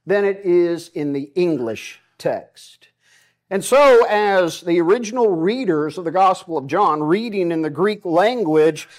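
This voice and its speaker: High-voiced, slow, folksy Southern preacher. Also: male voice. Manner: folksy, emphatic preaching with self-deprecating asides. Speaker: pastor. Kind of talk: sermon.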